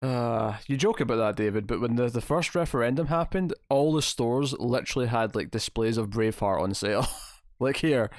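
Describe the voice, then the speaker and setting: A man's voice: medium pitch, normal speed, no echo, clean studio sound. A young man hosting a livestream, chatting casually with viewers and reading their comments with wry, self-deprecating humor. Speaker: livestream host.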